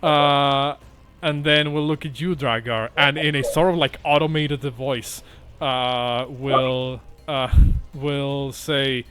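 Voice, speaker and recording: Game master man, halting narration. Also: medium pitch, fairly even intonation, a bit bright, faint music behind. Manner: halting, many "uh" fillers.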